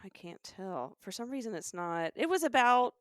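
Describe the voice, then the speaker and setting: A woman's voice: a little high, sing-song, normal speed, no echo, studio quality. A middle-aged woman from Alabama with a Southern American accent, co-hosting a comedy podcast in rambling, self-mocking chat. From Alabama, USA.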